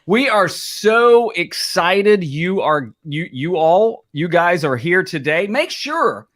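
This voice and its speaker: A man's voice: sits high, big pitch swings, slow, fairly bright tone. A middle-aged man co-hosting a live stream in casual, jokey banter, greeting viewers and teasing with silly asides. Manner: jokey, playful, slips into silly accents. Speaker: co-host.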